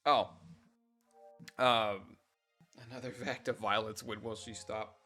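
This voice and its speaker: A young man streams and tells a meandering story to his chat, full of swearing and jokes at his own expense. His voice is bright and forceful, with a little game music playing faintly underneath. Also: lowish voice, steady tone, takes it slowly. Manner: rambling, profane, self-mocking.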